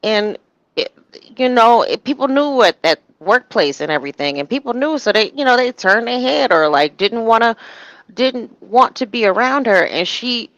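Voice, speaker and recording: A woman's voice: fairly high pitch, animated, normal speed, fairly bright tone, no room sound, lo-fi sound. A woman telling a personal story in casual live-stream chat, rambling with many restarts.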